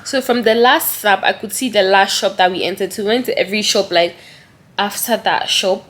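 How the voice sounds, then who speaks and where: A woman's voice: mid-range voice, a little fast, fairly bright tone. A young woman vlogging to her phone camera in a chatty, heartfelt way, with lots of "like" fillers. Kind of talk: casual vlog talk to camera. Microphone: handheld phone camera.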